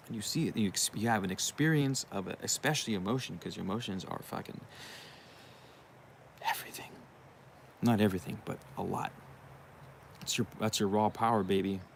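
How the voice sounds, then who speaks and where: A young man with a low, gravelly voice talks through a loose, profane monologue, circling back with asides as he goes. A faint bed of room noise sits under his voice. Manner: profane, rambling, uses you know what I mean often. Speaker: channel host. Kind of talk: casual monologue.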